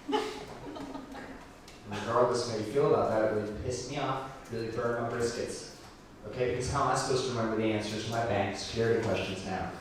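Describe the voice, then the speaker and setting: A young man performing a stand-up comedy set in a club, with wry, self-deprecating delivery and quick crowd work. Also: fairly low pitch. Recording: echoey club room from a distance with audience noise.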